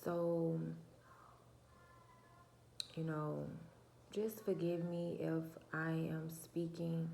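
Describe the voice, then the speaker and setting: A soft-spoken woman talking to her viewers in a casual, preachy monologue full of rhetorical questions. Her voice is low and cracking. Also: little pitch movement, extremely slow, creaky, long pauses, reverberant, a little hiss or hum. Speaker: channel host. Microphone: phone or camera mic, her own mic uncharged.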